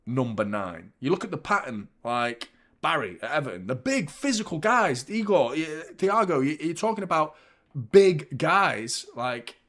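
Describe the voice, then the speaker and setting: A man hosting a live football watchalong, chatting opinions and commenting on play, swearing freely and getting loud at big moments. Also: on the high side, very animated, a little slow. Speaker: host of a football fan channel.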